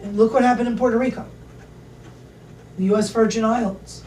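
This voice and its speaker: Woman, travel storyteller, chatty and animated, echoey room, a bit far from the mic, faint background hum. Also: on the high side, a little fast. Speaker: travel expert speaker. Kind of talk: casual storytelling to an audience.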